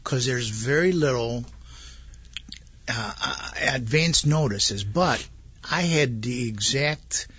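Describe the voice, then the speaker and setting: A man casually retelling a story, rambling and animated, acting out the dialogue he heard. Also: mid-range voice, takes it slowly, husky, dry recording. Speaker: guest telling his story. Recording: dull lo-fi audio.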